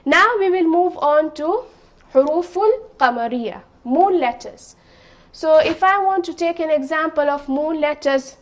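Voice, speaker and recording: Slow, patient high-voiced woman teaching. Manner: patient, repeats and checks with "okay?". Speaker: Arabic teacher. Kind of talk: slow classroom explanation.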